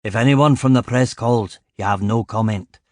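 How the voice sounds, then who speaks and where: A man doing a gravelly Glaswegian police chief. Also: on the low side, normal speed, darkish tone, dry recording, studio quality, close to an everyday voice. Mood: stern. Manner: blunt, commanding. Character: gruff imposing older male police chief superintendent.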